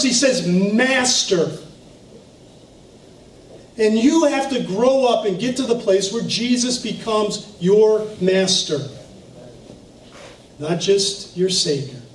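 Man, pastor, storytelling sermon, high voice, echoey hall, mic set back. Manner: storytelling, animated, with laughs. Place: church sanctuary. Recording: echoey room from far off, faint noise.

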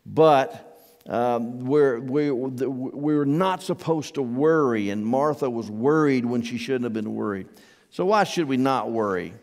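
A man's voice: medium pitch, unhurried, vocal fry, a little mellow, big-room sound. A man preaching a sermon as pastor, conversational and asking his congregation questions. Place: church hall.

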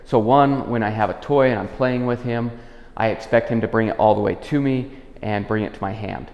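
Male dog trainer, calm explainer, low gravelly voice, echoey room with a long tail. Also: a little fast. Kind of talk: instructional demonstration. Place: indoors in a house. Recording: echoey room with long reverb, dull lo-fi sound.

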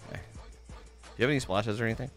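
A man's voice: mid-range voice, fast, a bit bright, faint music behind. A man streaming a game live, swearing freely and greeting his chat by name.

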